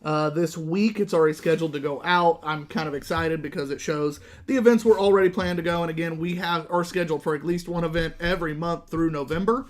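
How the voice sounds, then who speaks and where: A man hosting a live beer podcast, chatty and quick to laugh as he rattles through announcements. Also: fairly high pitch. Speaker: podcast host. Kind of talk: casual live-show chat.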